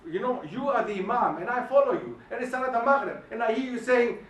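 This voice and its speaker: A man giving an emphatic, animated lecture and firing questions at the audience, recorded in a hall. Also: extremely high pitch, fast talker. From Germany. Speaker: guest lecturer. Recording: echoey hall, mic at a distance.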